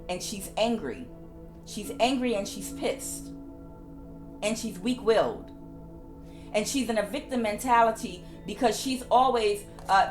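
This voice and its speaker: A woman tarot reader giving a casual spiritual reading, repeating her phrases for emphasis. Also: mid-range voice.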